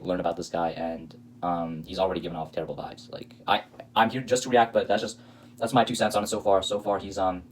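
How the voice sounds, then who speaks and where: A man's voice: deep voice, slight background noise, low-quality recording. A man hosting a reaction video, talking casually with sarcastic, indignant, rambling commentary.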